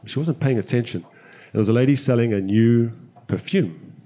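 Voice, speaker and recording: A man from South Africa with a South African accent, doing open mic stand-up on a comedy club stage, with a halting, stuttering delivery. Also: medium pitch, warm tone.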